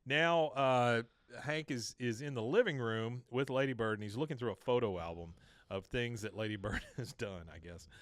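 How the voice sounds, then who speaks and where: A man's voice: mid-range voice, moderate pace, dry recording. A man hosting a podcast, casually recapping a cartoon episode and acting out the characters' lines. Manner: animated retelling, quoting lines in varied voices. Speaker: podcast host.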